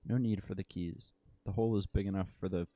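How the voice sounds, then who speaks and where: A man's voice: sits low, steady tone, a little fast, mellow, no echo. A man reading the part of a snappy, defensive male cafeteria manager.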